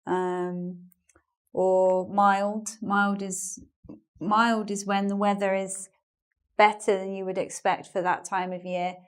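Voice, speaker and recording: A British woman teaching English online, talking at an everyday middle pitch. Her delivery is chatty, and she keeps explaining phrases with examples and little asides. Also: little pitch movement, takes it slowly, clean tone. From England. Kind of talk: online language lesson.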